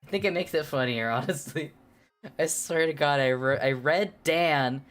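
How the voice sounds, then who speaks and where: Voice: mid-range voice, moderate pace, a bit bright. A streamer chatting casually with viewers and reading aloud, laughing often and stumbling over words. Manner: self-deprecating, chats with viewers.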